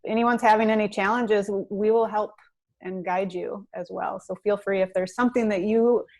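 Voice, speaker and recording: A woman's voice: medium pitch, steady tone, moderate pace, darkish tone. Encouraging mother in casual chat. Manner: encouraging, upbeat. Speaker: parent, guest in discussion. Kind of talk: casual group video chat.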